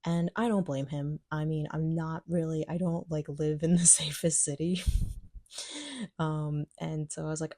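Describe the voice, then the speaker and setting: A woman's voice: sits low, little pitch movement, moderate pace, vocal fry, mellow, no echo, studio quality. A young woman telling a personal story in a casual vlog, chatty and full of "like" fillers, acting out her own thoughts. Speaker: vlogger.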